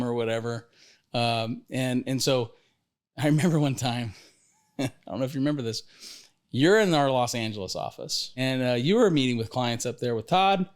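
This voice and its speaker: A middle-aged man hosting a podcast, telling stories in a lively, rambling way, often restarting his sentences. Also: medium pitch, clear, resonant tone. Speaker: podcast host, financial advisor. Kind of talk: casual storytelling conversation.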